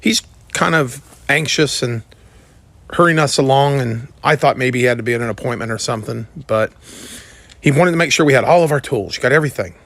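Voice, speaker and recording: A middle-aged man who remodels bathrooms, telling a story in a casual, halting way. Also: medium pitch, fairly bright tone, no echo. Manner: halting, with fillers and restarts.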